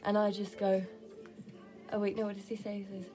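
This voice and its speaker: A woman's voice: mid-range voice, monotone, brisk, pauses often, over music. A young woman venting in a casual home vlog, blunt and full of swearing. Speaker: vlogger. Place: home, kitchen.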